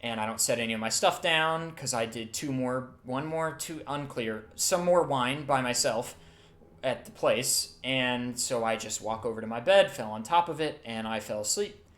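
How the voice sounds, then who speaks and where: A man voicing a heartbroken man who tells of his lost love, halting and emotional. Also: medium pitch, a bit bright, lightly acted. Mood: mournful. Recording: roomy echo, faint music.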